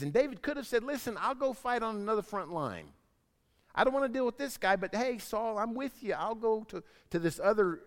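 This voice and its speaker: A man preaching a sermon as pastor, telling stories with lively voices. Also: medium pitch, in a large hall. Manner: animated storytelling, acts out voices in anecdotes.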